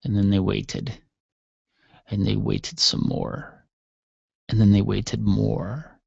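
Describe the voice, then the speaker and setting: Gravelly-voiced man spinning a comic tale. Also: lowish voice, completely flat delivery, slow, darkish tone, no echo. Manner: playful, mock-dramatic, repetitive. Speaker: radio show host. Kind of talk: comic storytelling on a call-in show. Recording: dull, dry lo-fi sound.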